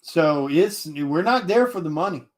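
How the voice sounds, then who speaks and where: Blunt, profane man, higher-pitched. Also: a little slow. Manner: blunt, profane, animated, many restarts. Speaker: indie artist talking to viewers. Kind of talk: casual livestream rant.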